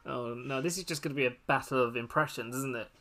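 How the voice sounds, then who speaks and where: A man's voice: mid-range voice, fast talker, bright, forceful tone. A man hosting a casual podcast game as referee, chatty and amused as he keeps things moving. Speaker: host and referee of a fantasy fight game.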